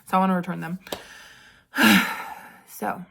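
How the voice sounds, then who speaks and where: A woman's voice: lowish voice, little pitch movement, a little slow, gravelly, fairly bright tone. A young woman vlogging in a chatty, dramatic way, leaning on "like" as she tells a story. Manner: chatty and dramatic, heavy use of 'like'. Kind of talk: casual storytelling vlog.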